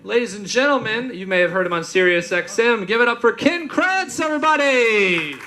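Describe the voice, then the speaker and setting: A man's voice: high-pitched, expressive, brisk, pushed and bright, a little hiss or hum. A man emceeing a comedy show, hyping up the next comic. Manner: hyped announcer introduction.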